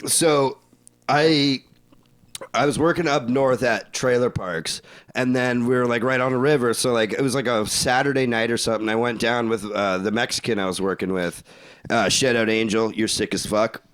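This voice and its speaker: A man's voice: medium pitch, fairly even intonation, moderate pace. A young man, co-hosting a podcast and telling a long story in casual chat, rambling, swearing a lot and laughing. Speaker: podcast co-host.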